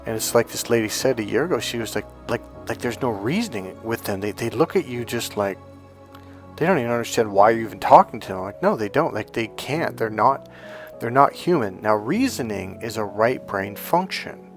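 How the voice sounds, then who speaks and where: A man's voice: fairly low pitch, animated, normal speed, soft background music. A man coaching in a casual motivational monologue, rambling with many restarts and repeated words. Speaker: life coach.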